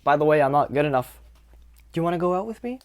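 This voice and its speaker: A man's voice: fairly high pitch, little pitch movement, rapid-fire, clean tone, lightly acted. A man acting out a nervous young guy asking a girl out, hesitant and stumbling, every line rising like a question.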